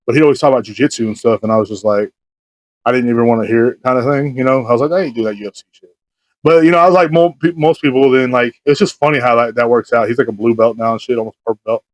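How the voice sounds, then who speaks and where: Fast-talking man telling stories. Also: medium pitch, dry recording. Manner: rambling anecdotes, quick, laughing, swears freely. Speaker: podcast host. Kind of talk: casual storytelling chat.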